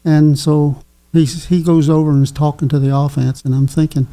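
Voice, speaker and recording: A man's voice: fairly high pitch, flat delivery, mellow. Chuckling older man. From Kentucky. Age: 80s. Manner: chuckling, folksy, halting with fillers. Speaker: guest. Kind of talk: casual storytelling.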